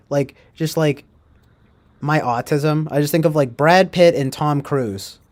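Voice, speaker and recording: A man's voice: a little high, takes it slowly, a little mellow. A man casually chatting on a livestream, rambling and joking as he reads out viewer comments. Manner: rambling, jokey, reads out chat comments in mock voices. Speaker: livestream host.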